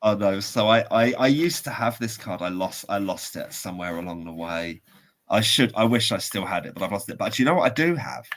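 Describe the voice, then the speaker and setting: A man's voice: lowish voice, expressive, brisk, fairly bright tone. Rambling man telling a story. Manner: rambling, laughing storyteller with many restarts. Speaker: podcast co-host. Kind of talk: casual chat, storytelling.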